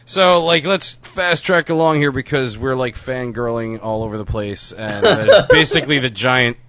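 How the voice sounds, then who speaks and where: A man co-hosting a casual movie discussion podcast, animated and laughing often as he talks. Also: mid-range voice, normal speed. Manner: animated, laughs often, slips into goofy impressions. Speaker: podcast co-host.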